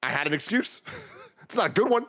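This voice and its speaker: Animated man telling a story, pitch jumping. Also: a little fast. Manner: animated, acts out dialogue with big pitch jumps. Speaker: podcast co-host. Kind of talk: casual chat, storytelling.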